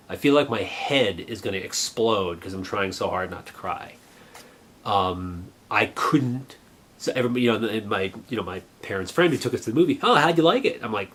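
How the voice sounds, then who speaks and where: A man in his forties earnestly recalling a childhood memory in a halting, reflective way. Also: on the low side, fairly bright tone. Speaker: vlogger. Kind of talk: personal reminiscence.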